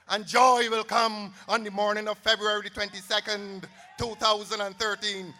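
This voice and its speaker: A man's voice: sits high, little pitch movement, moderate pace, hardly any pauses, pushed and bright, long reverb tail. A Barbadian man giving a theatrical, sarcastic campaign rally speech. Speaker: political campaign speaker.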